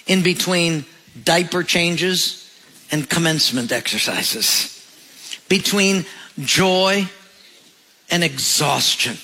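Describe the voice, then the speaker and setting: A man preaching a sermon with a high, bright voice, telling stories in a lively way. He lets his voice fall low and soft at the close of key phrases. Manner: storytelling, drops low and soft at phrase ends. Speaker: pastor.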